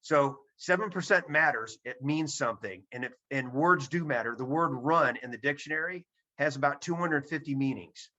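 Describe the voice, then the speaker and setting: A man presents a seminar talk to a remote audience on a video call, speaking at a moderate pace in a slightly high, sharp voice. Emphatic, he repeats his key points, and the audio comes through dull and lo-fi.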